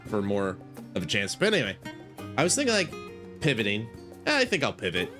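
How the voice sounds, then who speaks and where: A man's voice: fairly low pitch, wildly swooping pitch, brisk, fairly bright tone. A male game streamer chatting loosely to his viewers, his voice rising and falling a lot as he rambles. He keeps correcting himself mid-sentence and talking straight to chat. Faint guitar music plays under him. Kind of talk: casual gaming stream chat.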